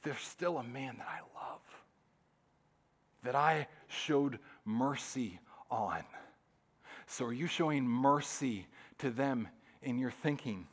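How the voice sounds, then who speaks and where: A man speaking as God, calm and fatherly. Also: fairly high pitch, normal speed.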